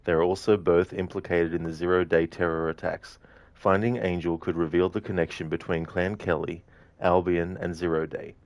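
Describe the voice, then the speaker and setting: A young man chats through a live game stream, breaking into giggles as he reads out viewer messages. His voice sits low, and the sound is dry and close with no room around it. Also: little pitch movement, moderate pace, no echo. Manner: giggly, chatty, reading chat aloud. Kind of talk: live gameplay stream chat.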